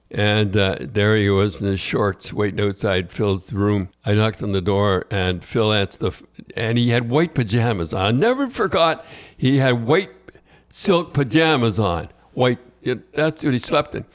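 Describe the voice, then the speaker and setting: An older man hosting a podcast, telling long, rambling anecdotes full of restarts and repeated words. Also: lowish voice. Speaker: podcast host. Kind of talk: casual storytelling chat.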